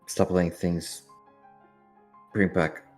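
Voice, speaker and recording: A man's voice: sits low, level tone, slow pace, soft background music. A man playing in a tabletop game, describing his character hesitantly with many fillers. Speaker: player.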